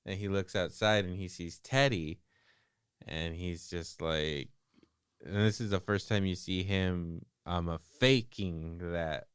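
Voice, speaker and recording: Deep-voiced man, loose profane podcast chat. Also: takes it slowly, smooth, no room sound, studio quality. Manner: loose, profane, laughs often, acts out quotes. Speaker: podcast co-host. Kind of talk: casual chat retelling a film plot.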